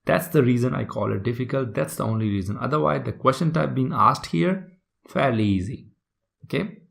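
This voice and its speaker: A man's voice: mid-range voice, expressive, fairly quick, creaky, fairly bright tone. A man teaching a recorded exam-prep lesson, explaining step by step and often checking in with the listener. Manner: explanatory, checks in with "right?" and "okay?".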